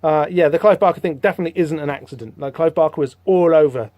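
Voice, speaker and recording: A man hosting a podcast, rambling through a comic book issue in casual, animated commentary with lots of fillers. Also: a little high, fast, dry recording. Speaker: podcast host.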